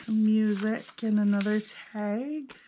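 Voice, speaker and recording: A woman talks through her handmade journals page by page in a casual, chatty way, amused at herself and thinking aloud. Her voice sits at an ordinary middle pitch. A faint hiss runs under the recording. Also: steady tone, slow pace. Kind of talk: casual craft flip-through narration.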